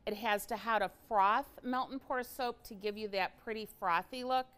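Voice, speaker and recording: A woman's voice: mid-range voice, moderate pace, a bit bright, clean tone. A woman hosting a casual livestream product demo from an indoor craft studio, chatty and enthusiastic, with frequent fillers.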